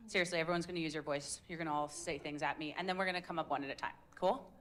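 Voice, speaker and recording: Speaking into a handheld microphone, a deep-voiced woman leads a live public speaking workshop for a group in an indoor meetup room. Her tone is fairly bright and her delivery rapid-fire with hardly any pauses. She comes across upbeat, casual and demonstrative.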